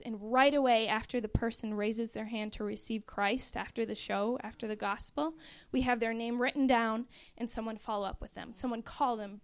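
Young woman actress, smooth clear voice, pitched a bit high, earnest vivid storytelling. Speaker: actress in a touring ministry show. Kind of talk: describing the show to an audience.

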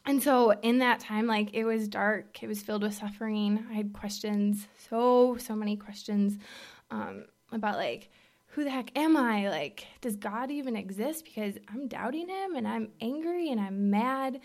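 A young woman with a fairly high voice shares a personal testimony before a faith group. She speaks candidly and haltingly, with many fillers. At moments she drops almost to a whisper. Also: vocal fry, darkish tone. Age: young adult. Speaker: speaker giving a faith talk.

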